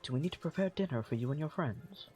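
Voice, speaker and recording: A man's voice: a little high, expressive, quick pace, darkish tone, soft background music, close to an everyday voice. A man voicing a kindly, fatherly male forge master who speaks in a courtly, doting way.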